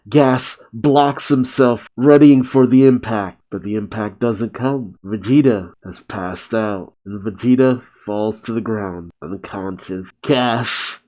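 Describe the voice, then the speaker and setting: A man reads a comic chapter aloud, stopping to react in a relaxed, chuckling way. His pace is unhurried and his voice sits mid-range, dark and mellow. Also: mid-range voice, rough recording. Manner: relaxed, laughs often.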